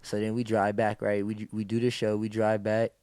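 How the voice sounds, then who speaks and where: A man's voice: on the low side, brisk, clear, resonant tone, dry recording. Dude guest on a podcast, loose and slangy, swears a lot, jumps around when he quotes people, dry close sound. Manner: animated, acts out quoted exclamations, heavy slang and swearing. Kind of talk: casual storytelling.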